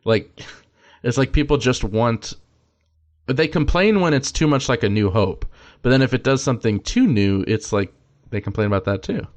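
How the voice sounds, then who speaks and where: A man's voice: mid-range voice, normal speed. A man in a casual podcast discussion, talking emphatically and enthusiastically as he shares strong opinions.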